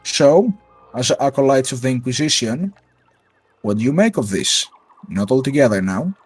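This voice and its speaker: A man voicing a calculating male interrogator who briefs his team in a measured, persuasive way. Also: medium pitch, lively intonation, darkish tone, husky, soft background music. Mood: briefing.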